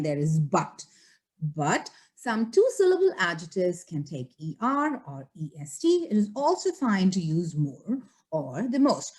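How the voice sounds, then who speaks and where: A middle-aged woman teaching an English grammar lesson, patiently checking in with her students. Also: mid-range voice. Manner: patient, repeats "okay?" and "all right?" to check students.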